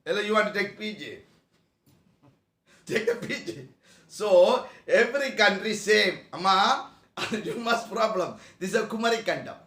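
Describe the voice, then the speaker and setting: High-voiced man preaching. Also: lively intonation, slow, pauses often, bright, forceful tone, roomy sound. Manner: broken English, rhetorical questions to the audience. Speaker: spiritual teacher. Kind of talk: spiritual discourse to a class. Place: meeting room.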